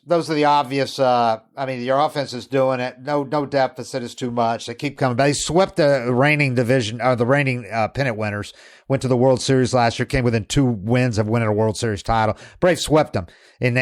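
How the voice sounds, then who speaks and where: Chatty male baseball podcast host. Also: medium pitch. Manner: rambling, with frequent restarts and quoted asides. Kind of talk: casual sports talk.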